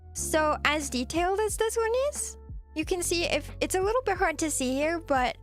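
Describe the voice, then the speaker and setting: A woman's voice: high-pitched, a bit bright. A woman streaming as a VTuber, chatting casually and playfully with viewers and giggling often. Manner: playful and giggly, cutesy teasing. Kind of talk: casual live-stream chat. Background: faint background music.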